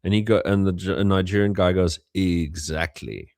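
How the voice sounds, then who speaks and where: A man's voice: low voice, level tone, a little fast, a little mellow. A young man from South Africa, hosting a casual livestream and telling stories with many fillers and restarts. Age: young adult. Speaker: host.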